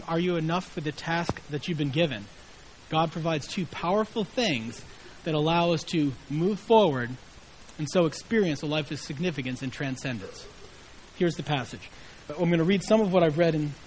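Male pastor, middle-aged, chatty sermon delivery, slightly high voice. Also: expressive, normal speed, slight background noise, low-quality recording. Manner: conversational, acts out quoted voices with inflection.

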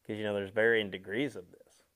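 A man preaching a sermon with a somewhat low voice. He talks straight to his listeners in an easy, conversational way. He slows and swells on the key words, then drops quiet for asides. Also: level tone. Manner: conversational, speaks directly to listeners.

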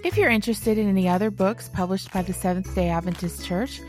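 A woman delivering a scripted podcast outro in a clear, measured voice. A bright, tinkling children's jingle plays clearly beneath her. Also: mid-range voice. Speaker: podcast announcer. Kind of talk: scripted closing announcement. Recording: music bed underneath. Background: light children's jingle music.

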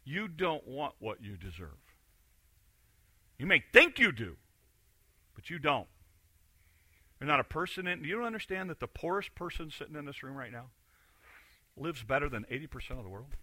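A male pastor preaching a sermon in a church, animated, acting out the voices he quotes and swinging from quiet to loud. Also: fairly high pitch, normal speed, pauses often, slightly rough, no room sound. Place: church sanctuary.

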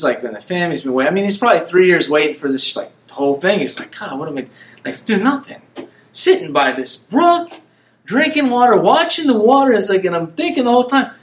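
A man preaching a casual sermon, retelling a Bible story in a rambling, conversational way and acting out the characters in quick asides. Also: on the high side. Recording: echoey room.

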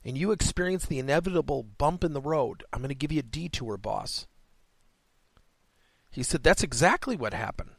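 A man with a lively, rising and falling voice hosts a solo coaching podcast. He tells a workplace story and acts out both people in the conversation. The sound is dry and close, with no room echo. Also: fairly high pitch, normal speed, vocal fry. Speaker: podcast host and business coach.

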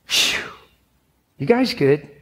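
A man with a husky voice giving a sermon, earnest and conversational, slipping into spoken prayer. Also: takes it slowly, a bit bright. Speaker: pastor. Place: church hall with audience.

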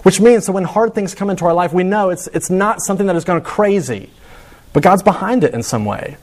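Young male pastor, fairly high voice, earnest sermon delivery with rhetorical questions and restarts. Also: expressive, fairly quick, a little mellow.

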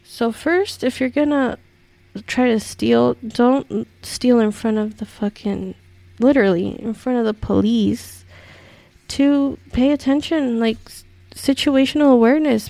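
A woman's voice: a little high, a little slow, vocal fry, dark tone, dry recording. A woman hosting a countdown video, reading each item and then reacting with incredulous, swearing commentary.

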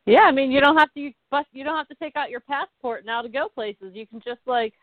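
A woman hosting a casual conversation, relaxed and encouraging, with lots of "like" and "I mean". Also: high-pitched, a little fast, no echo. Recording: tinny phone-like line.

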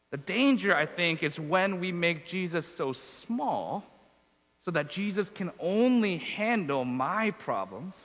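A man's voice: fairly high pitch, pushed and bright, big-room sound, rough recording. A man giving a reflective sermon, asking questions and repeating phrases. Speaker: preacher.

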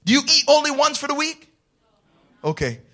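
A man preaching a sermon, calling on the congregation to answer and rising into shouted, passionate passages. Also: very high-pitched, sing-song, normal speed. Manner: call-and-response with the congregation. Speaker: pastor.

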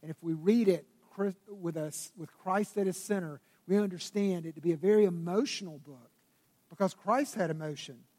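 A man preaching a sermon as pastor, swinging between loud bursts and hushed, intimate tones. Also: high voice, moderate pace. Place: church sanctuary. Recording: long reverb of a church hall.

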